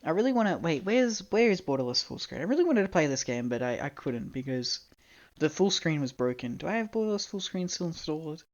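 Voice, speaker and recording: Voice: mid-range voice, big pitch swings, a little fast, dull audio. A young adult Australian live streamer chatting casually and rambling, laughing often and swearing freely.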